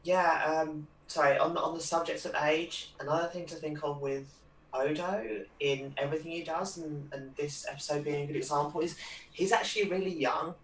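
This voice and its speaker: A man's voice: fairly high pitch, steady tone, normal speed, fairly bright tone. A man in a casual discussion, talking in a rambling way with many fillers and plenty of enthusiasm. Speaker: panelist. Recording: roomy sound from a distant mic, faint noise.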